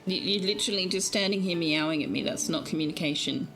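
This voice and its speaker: Chatty woman streamer, bright voice. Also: on the low side, fast, faint music behind. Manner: chatty, teasing, talks to her cat in baby talk. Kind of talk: casual live-stream gaming chat.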